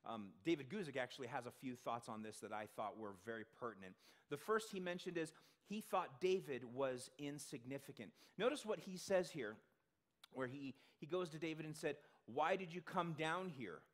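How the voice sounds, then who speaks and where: A man's voice: mid-range voice, lively intonation, moderate pace. A male pastor delivering a sermon in a conversational way, asking the congregation questions and acting out the voices he quotes. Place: church sanctuary.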